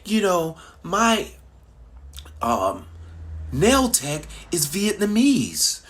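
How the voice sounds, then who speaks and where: A man putting on the voice of an offended young woman, speaking in a high, drawn-out mimicking tone. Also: huge pitch swings, a bit bright, exaggerated voice. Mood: indignant.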